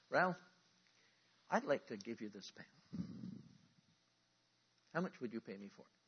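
Husky-voiced man preaching with call-and-response. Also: mid-range voice, a little slow, long pauses, highs cut off. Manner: animated preaching, calls for audience responses. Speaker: pastor. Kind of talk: sermon teaching.

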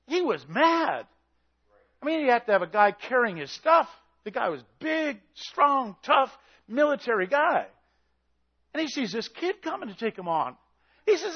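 Intense, high-voiced preacher shouting a sermon. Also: male voice, very animated, unhurried, slightly rough, muffled recording. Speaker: pastor.

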